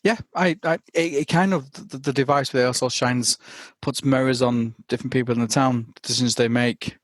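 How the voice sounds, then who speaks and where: A man talks through a film on a podcast in a relaxed, halting way, restarting his sentences and laughing lightly as he goes. His voice sits at an ordinary middle pitch. The sound is dry and close, with no room around it. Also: no room sound. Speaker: podcast guest. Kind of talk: casual film discussion.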